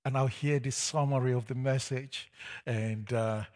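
A man preaching a personal testimony to a church audience, telling it as a story and building to loud, emphatic peaks. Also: medium pitch, fairly even intonation, unhurried. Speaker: preacher sharing his testimony. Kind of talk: sermon testimony.

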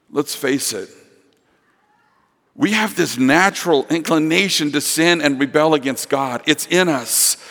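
A man's voice: fairly high pitch, fairly bright tone, in a large hall. A male pastor preaching a sermon earnestly, with emphatic repetition, to a church congregation. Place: church sanctuary.

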